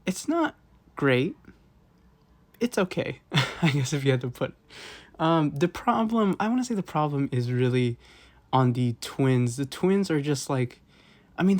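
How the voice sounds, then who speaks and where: A man's voice: a little high, a little mellow. A man rambling casually through a game review, with lots of fillers and frequent chuckles. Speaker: gaming video host.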